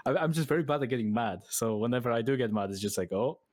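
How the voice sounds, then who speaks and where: A man's voice: medium pitch, expressive, racing, darkish tone, dry recording. A man in his twenties with a mixed Irish accent, chatting casually and laughing often on a video call. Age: 20s. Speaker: podcast guest. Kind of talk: casual chat.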